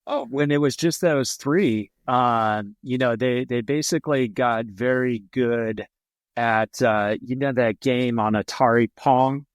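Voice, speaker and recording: A man's voice: medium pitch, a little slow, clean tone, no room sound. Dry-sounding man telling company stories. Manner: rambling with frequent fillers and restarts. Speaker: company representative on a podcast. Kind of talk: casual storytelling.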